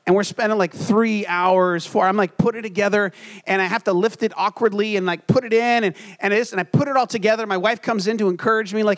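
A man's voice: sits high, fast talker. A young adult man preaching a sermon as pastor, telling stories in an earnest, self-deprecating way.

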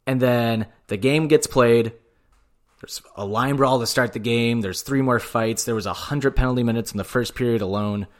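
A man's voice: medium pitch, moderate pace. A man co-hosting a casual podcast, ranting about hockey with lots of swearing, and he says he is tired. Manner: profane, heated sports rant. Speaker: podcast co-host. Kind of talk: casual chat.

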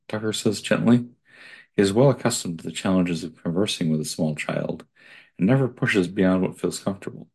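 A man's voice: low-pitched, brisk, vocal fry, a little mellow, breathy edge. A man reading an article aloud and breaking off to add his own digressive comments.

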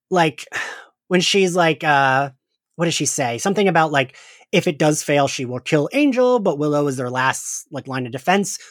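A man's voice: fairly high pitch, no echo, clean studio sound. A man co-hosting a casual podcast chat, talking loosely with lots of fillers and frequent laughs. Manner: chatty, laughs often, many fillers. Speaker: podcast co-host.

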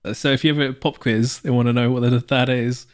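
A man's voice: mid-range voice, steady tone, quick pace. A man co-hosting a podcast, rambling casually with frequent laughs and restarted words. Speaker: podcast co-host. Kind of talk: casual chat.

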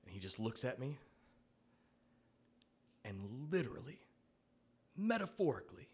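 A man's voice: medium pitch, a little slow, slightly rough. A man telling a personal anecdote to an audience, acting out the voices of the people in his story. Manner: animated storytelling, acts out quoted voices.

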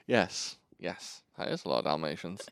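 A man's voice: low-pitched, expressive, moderate pace, no echo, studio quality. A British man with a slight lisp, hosting a podcast in a rambling, self-deprecating, joking way. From Britain. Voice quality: slight lisp from dental aligners. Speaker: podcast host. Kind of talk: casual chat.

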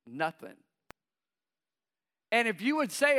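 A man's voice: sits high, expressive, slow, fairly bright tone, smooth. A middle-aged man preaching a sermon to his congregation. He breaks in with call-and-response asides and acts out the voices of nervous believers. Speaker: pastor.

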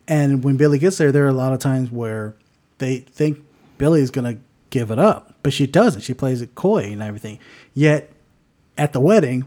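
A man co-hosting a podcast in a casual movie-review chat, talking with many restarts and fillers and acting out quoted lines with big jumps in pitch. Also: normal speed, warm tone. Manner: lots of restarts and filler words. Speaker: podcast co-host.

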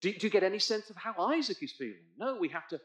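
A man's voice: high-pitched, very animated, quick pace. A man preaching a Bible sermon, guiding his congregation through the text and rising to emphatic points. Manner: expository, asks congregation to look in their Bibles; emphatic, swells loud on key points. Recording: echoey church hall.

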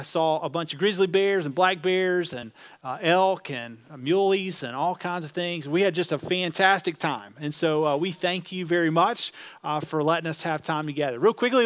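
A man preaching a sermon as pastor, telling stories in a relaxed way with many fillers. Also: high-pitched. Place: church auditorium.

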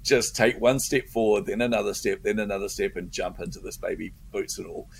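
A middle-aged man, a guest entrepreneur, chatting in an interview and telling stories with animated energy, laughing often and repeating words. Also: fairly low pitch, brisk, gravelly, breathy edge. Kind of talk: casual interview chat.

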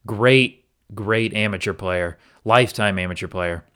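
A man's voice: fairly low pitch, measured pace, bright, forceful tone, smooth. A man hosting a podcast, earnestly and candidly recounting his own experience in a reflective solo episode. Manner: earnest and candid, with occasional restarts. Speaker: podcast host.

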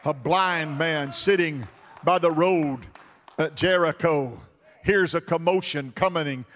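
Slow, emphatic preacher man in a reverberant hall. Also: fairly high pitch. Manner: emphatic, repetitive preaching cadence, bursts into shouts. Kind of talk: sermon. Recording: long reverb of a large hall.

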